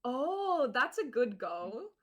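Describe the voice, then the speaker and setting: A woman's voice: sits high, very animated, slow pace. A chatty woman streamer hosting a casual group conversation, laughing often and tripping over her words. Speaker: streamer hosting a sleepover chat.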